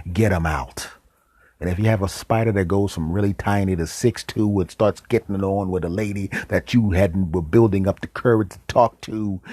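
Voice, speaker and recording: A man hosting a podcast, telling a comic story in a deadpan way with dramatic pauses and whispered asides. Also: low voice, husky, no echo. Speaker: podcast host.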